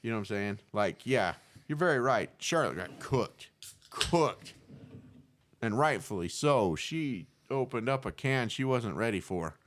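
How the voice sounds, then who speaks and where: A male co-host in casual chat, talking in a relaxed, agreeable way with loose phrasing. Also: medium pitch, unhurried, a little hiss or hum.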